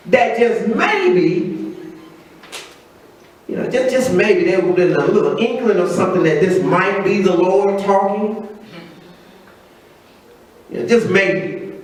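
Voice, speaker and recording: A man preaching a sermon, telling the story conversationally and acting out quotes in a low voice. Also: a little hiss or hum. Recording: very echoey room, voice from a distance.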